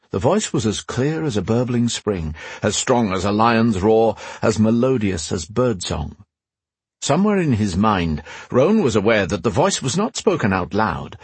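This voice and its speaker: A man reading a fantasy audiobook, telling the story in a measured, expressive way. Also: on the low side, husky, no echo. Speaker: narrator. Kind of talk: scripted fantasy audiobook narration.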